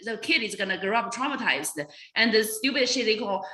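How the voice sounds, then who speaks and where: A woman's voice: mid-range voice, a little fast, bright, forceful tone, roomy sound, rough recording. A woman comedian in an interview, speaking bluntly and profanely and laughing at her own jokes. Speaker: comedian guest. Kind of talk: casual interview talk.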